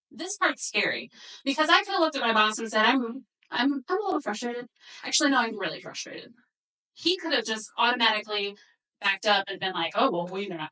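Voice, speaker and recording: Lively, bright-voiced woman presenting a workshop. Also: a little high, recorded from a distance, low-quality recording. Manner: animated storytelling, acts out quoted dialogue. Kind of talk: workshop talk with slides.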